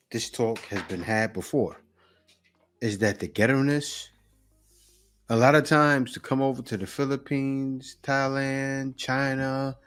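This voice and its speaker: A man's voice: medium pitch, a bit bright. Man giving opinionated reaction commentary. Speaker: reaction host.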